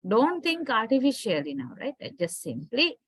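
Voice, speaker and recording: High-voiced Sri Lankan lecturer. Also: female voice, very animated, normal speed, slightly rough, no room sound, rough recording. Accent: Sri Lankan English. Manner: patient explaining, keeps checking with "right?". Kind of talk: online class teaching.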